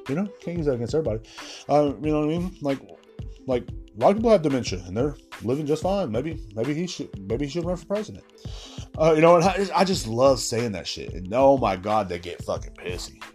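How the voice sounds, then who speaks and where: A man's voice: mid-range voice, big pitch swings, quick pace, darkish tone, soft background music. A man hosting a podcast, rambling through a casual, profane solo rant. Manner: rambling, profane, laid-back. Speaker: podcast host.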